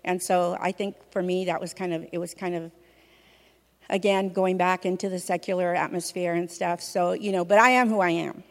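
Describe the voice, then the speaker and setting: A woman from a church sharing her testimony in a conversational, expressive way, often saying "you know". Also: on the low side, moderate pace. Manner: fills speech with "you know", vivid and expressive. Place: church hall. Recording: reverberant hall.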